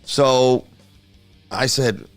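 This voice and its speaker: A middle-aged man from Texas, a metal singer telling stories in casual podcast chat, animated and acting out the voices of others. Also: mid-range voice, drawn-out words, clean tone, soft background music. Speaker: guest, heavy metal singer.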